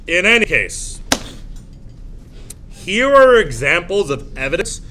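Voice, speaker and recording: A male teacher giving a classroom lecture, animated, often jumping into high shrill voices to act out scenes. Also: slow, slight background noise. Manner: animated, acts out shrill voices of frightened girls.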